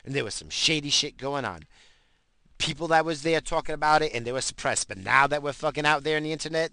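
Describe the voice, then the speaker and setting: A man's voice: medium pitch, bright, forceful tone, no room sound. A man, calling himself a stoner, ranting about conspiracies in heated, profane talk that keeps repeating itself. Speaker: self-described stoner.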